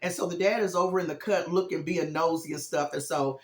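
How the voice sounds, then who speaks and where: A woman's voice: low-pitched, fairly quick. Chatty woman recapping a movie, roomy. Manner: chatty, acts out characters' lines with emphasis; frequent fillers like "um" and "this, this, and that". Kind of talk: casual storytelling recap.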